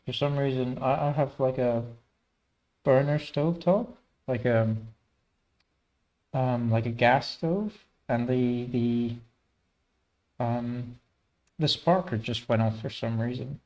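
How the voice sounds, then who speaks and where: A man's voice: mid-range voice, slow pace, pauses often, darkish tone. Brief: male game streamer, casual and rambling, lots of ums and false starts. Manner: rambling, many fillers and restarts. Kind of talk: casual gameplay commentary.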